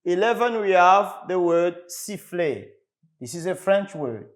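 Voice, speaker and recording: A man from the Congo teaches English to a class on television. He speaks slowly and repeats each word several times, in a high, animated voice. His questions rise and fall widely. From Republic of the Congo. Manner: slow, repetitive, drilling words for the class.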